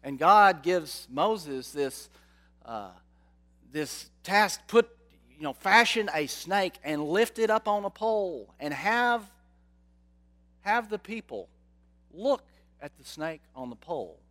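A man preaching a sermon, slow and dramatic, often asking his listeners rhetorical questions. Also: high voice, animated, fairly bright tone.

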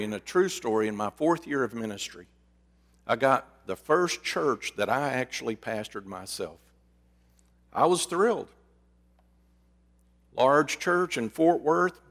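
Animated male preacher telling folksy stories. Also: a little high. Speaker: pastor. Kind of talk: sermon. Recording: long reverb of a large hall.

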